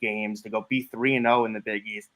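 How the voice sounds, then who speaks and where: A man's voice: lowish voice, level tone, fairly quick, a bit bright, rough recording. A man co-hosting a postgame sports show, giving earnest analysis of the team. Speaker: co-host.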